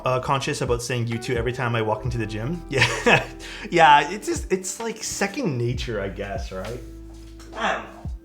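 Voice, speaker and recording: A man's voice: mid-range voice, a bit bright. Laid-back young man telling stories. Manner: laid-back storytelling, swears often, says "dude" and "man". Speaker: streamer. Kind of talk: casual stream chat. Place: home streaming setup.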